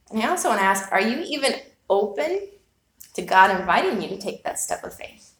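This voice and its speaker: A woman's voice: mid-range voice, a bit bright. A woman preaching a sermon, telling a personal story with earnest, reflective rhetorical questions. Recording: echoey room.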